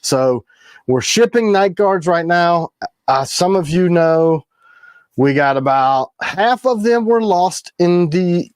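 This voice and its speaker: A man's voice: high-pitched, animated, slow pace, clear, resonant tone, no room sound. A man hosting a casual knife-making livestream, rambling and joking as he shows off his gear and trails off mid-sentence. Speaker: knife maker and livestream host.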